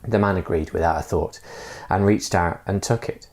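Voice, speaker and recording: A pastor preaching a sermon, telling a fable in a relaxed way with many fillers. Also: male voice, low-pitched, moderate pace.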